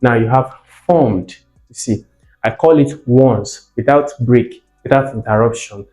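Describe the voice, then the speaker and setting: A man's voice: medium pitch, unhurried, warm tone. A man teaching vowel sounds for exam prep, who repeats each sound and word for practice and checks on the viewer. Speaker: English teacher. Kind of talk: exam-prep phonetics lesson. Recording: roomy echo with faint music.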